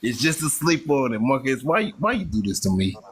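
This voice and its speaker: A man's voice: mid-range voice, sing-song, brisk. Laid-back man co-hosting, faint noise. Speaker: co-host. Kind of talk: casual chat.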